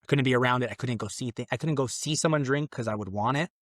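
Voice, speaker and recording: A man's voice: fast talker, no echo, studio quality. A man from Mexico, a podcast guest telling his conversion story in a rambling, earnest way full of restarts. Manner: acts out his own past exclamations in a louder, higher voice. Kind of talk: personal conversion testimony in conversation.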